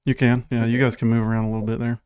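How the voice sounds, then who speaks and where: A relaxed male game master describing dark scenes and calling for rolls. His voice sits at an average pitch and sounds close and dry, with no room echo. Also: rapid-fire, clear, resonant tone. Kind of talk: running a tabletop game.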